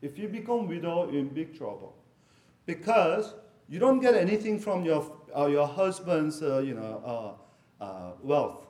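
A man's voice: fairly high pitch, dark tone. Middle-aged man preaching in an echoey room. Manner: conversational, jokey asides with laughter. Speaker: pastor. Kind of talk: sermon.

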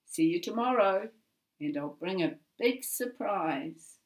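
A woman voicing a composed, affectionate mother who speaks calmly and a little glibly. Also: medium pitch, slow pace, distant mic, voice pushed up. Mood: warm. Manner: calm, gently teasing. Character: warm, composed academic mother.

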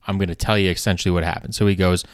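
A man with a fairly low voice recounts a story on his podcast, rambling, doubling back on himself and dropping swear words for emphasis. The sound is dry and close, with no room around it. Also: little pitch movement, racing, no room sound. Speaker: podcast host. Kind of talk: casual storytelling.

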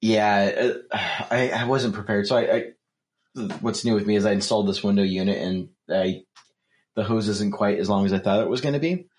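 A man's voice: lowish voice, moderate pace. A man co-hosting a podcast, talking in a laid-back, thoughtful way with hesitant restarts. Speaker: podcast co-host. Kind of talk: casual chat.

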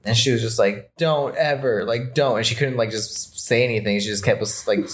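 A young podcast co-host with a mid-range voice rambles through stories in casual chat. The speech is full of "like" fillers, and the people being quoted get loud, exaggerated voices. The recording comes from a small room. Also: mid-range voice, fairly even intonation, a little fast. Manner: rambling, heavy use of "like", acts out quoted people loudly.

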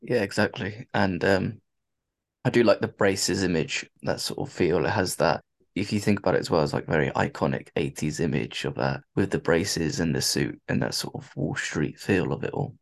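A man's voice: sits low, moderate pace, vocal fry. A man interviewing a guest in casual chat, giving brief, agreeable prompts.

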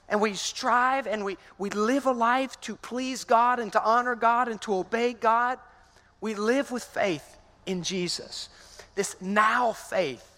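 A male pastor giving a lively, conversational sermon, calling out to the congregation in a large church sanctuary. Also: sits high. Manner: energetic, conversational, calls out to the congregation. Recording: long hall reverb in a church.

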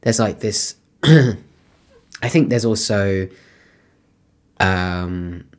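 A man's voice: on the low side, extremely slow. A British man of twenty-eight co-hosting a podcast, talking candidly and reflectively, peppering his speech with "like" and the odd swear word. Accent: British English. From Britain. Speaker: podcast co-host. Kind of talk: casual chat.

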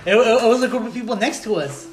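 A man's voice: extremely high pitch, lively intonation, fast, echoey room, over music. A man telling a story in casual chat, swearing and laughing often. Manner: profane, laughing retelling.

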